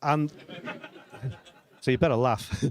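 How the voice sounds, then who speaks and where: Slow and darkish in tone, a middle-aged man's mid-range voice carries his stand-up storytelling at a comedy club. He jokes dryly at his own expense and chuckles often, and a little hiss or hum sits under the recording.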